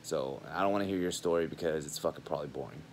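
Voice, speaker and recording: A man's voice: a bass voice, racing, slight background noise. A man in his twenties, a college student, talking straight to camera in a heated, rambling, profane monologue. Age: 20s.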